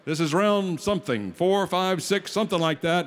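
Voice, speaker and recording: Announcing a live food-eating contest on a PA system, a man with a high voice speaks at a moderate pace, bantering with competitors and pumping up the crowd. A bit of hiss or hum runs underneath.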